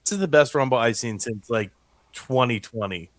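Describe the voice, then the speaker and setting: A man joins a podcast chat over an online call. He talks in a middle range and sounds halting and unsure of himself. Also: medium pitch. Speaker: podcast co-host joining remotely.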